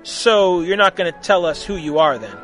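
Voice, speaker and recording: A man's voice: high-pitched, animated, normal speed, fairly bright tone, faint music behind. A man reading a story aloud, voicing a stern, short-tempered male camp leader who speaks curtly. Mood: exasperated.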